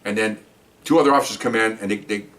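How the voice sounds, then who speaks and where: This is a fast-talking older man, a former cop, sharing anecdotes from the job straight to camera. His delivery is animated, and quoted lines come out in a higher voice. The mic sits at a distance.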